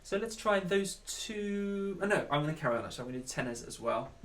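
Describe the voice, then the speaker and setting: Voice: mid-range voice, lively intonation, fast, a little hiss or hum. A choir leader, casually talking singers through their parts one step at a time in a home video session. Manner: friendly, chatty, explains step by step. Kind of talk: casual singing tutorial. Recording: roomy sound with music behind.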